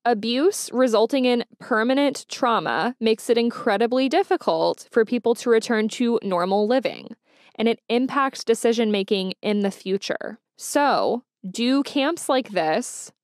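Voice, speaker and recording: A woman's voice: on the high side, lively intonation, unhurried, no echo, studio quality. A woman hosting a solo true-crime podcast, talking in a conversational, emotional and indignant way. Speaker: podcast host.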